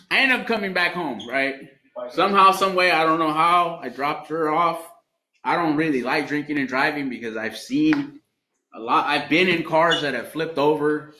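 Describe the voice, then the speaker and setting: A fairly high-pitched man with a sharp tone talks frankly at a recovery meeting, swearing and laughing as he tells his story. It was recorded in an echoey meeting room with some faint background noise.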